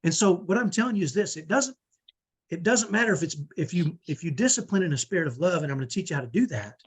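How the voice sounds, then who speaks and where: Earnest middle-aged man, husky voice. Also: high voice, lively intonation, fast. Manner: earnest, emphatic, often adds a "right?". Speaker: host of online parenting training. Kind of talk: live webinar talk. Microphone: video call.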